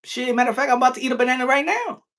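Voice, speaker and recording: A male boxing live-stream host talks in a loose, animated way, swearing freely and breaking into quick impressions. His voice has a bright, cutting edge. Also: very high voice. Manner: animated, profane, jumps into mocking impressions.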